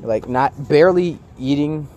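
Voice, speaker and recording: A young man with a voice on the high side tells a story in casual chat with friends, speaking unhurriedly. He's animated, laughs a lot, and acts out what his friends said.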